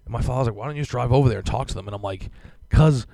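Fast-talking gravelly young man ranting. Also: medium pitch, mellow, dry recording. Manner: ranting, profane storytelling with many fillers. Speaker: podcast co-host. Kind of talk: casual podcast banter.

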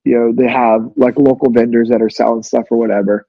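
A man's voice: medium pitch, little pitch movement, brisk, no room sound, muffled recording. A man in his thirties telling stories casually as a podcast guest, laid-back with many fillers. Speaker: guest, former navy special operator. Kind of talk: casual storytelling.

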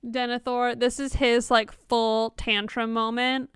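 A woman in casual conversation about a book, unhurried and amused, reading quotes aloud. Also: fairly high pitch, flat delivery, a bit bright, clear, resonant tone, no echo, clean studio sound. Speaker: book discussion co-host. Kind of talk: casual chat.

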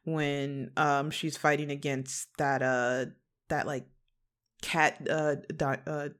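Low-voiced chatty woman. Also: little pitch movement, slow pace, fairly bright tone. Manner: chatty, hesitant, giggly, many fillers and restarts. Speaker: podcast guest. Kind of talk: casual chat.

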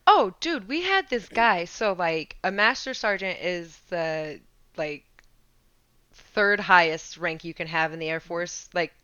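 A woman with a bright, forceful and crisp voice, pitched a little low, tells a long story in casual chat. She talks in an animated, slangy way and laughs often. The sound is dry and slightly dull. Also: a little slow, dry recording. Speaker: podcast co-host, Air Force veteran.

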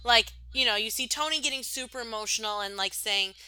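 A young woman co-hosting a podcast, rambling warmly and with plenty of fillers in casual chat. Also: a little high, a little fast, clean tone, no room sound, rough recording. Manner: gushing, rambling, many "like"s. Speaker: podcast co-host.

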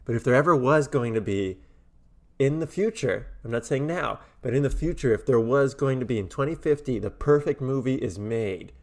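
A man's voice: medium pitch, lively intonation, normal speed. Enthusiastic man rambling about movies. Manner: enthusiastic, rambling, trails off softly. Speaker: podcast co-host. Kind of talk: casual film discussion.

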